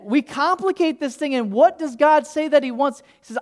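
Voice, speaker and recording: A man's voice: extremely high pitch, normal speed, hardly any pauses, darkish tone. Casual, humorous male pastor preaching. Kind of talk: sermon with personal storytelling.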